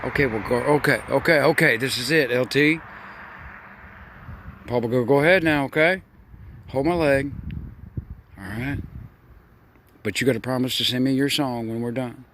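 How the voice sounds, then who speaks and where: A man's voice: medium pitch, moderate pace, long pauses, a bit bright, a little hiss or hum. An older man acting as a grandfather, chatting in a folksy, affectionate way and laughing often as he tells a bedtime story.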